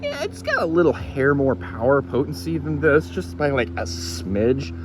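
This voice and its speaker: A man's voice: fairly high pitch, huge pitch swings, normal speed, background noise. A man casually reviewing a gadget for his viewers, rambling and retelling a friend's reactions with some swearing. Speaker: YouTube reviewer.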